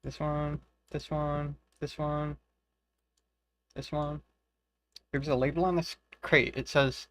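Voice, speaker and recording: A man's voice: fairly high pitch, little pitch movement, slow pace, long pauses, fairly bright tone, a little hiss or hum. A man casually commenting on a game he is playing, swearing freely and reading the quest guide aloud. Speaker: game streamer. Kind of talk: casual let's-play commentary.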